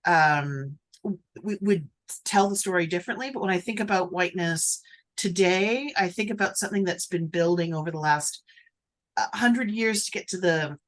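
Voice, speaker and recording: A woman's voice: lowish voice, moderate pace. A woman on a webinar, speaking in a reflective, academic way. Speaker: webinar presenter. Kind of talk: webinar discussion.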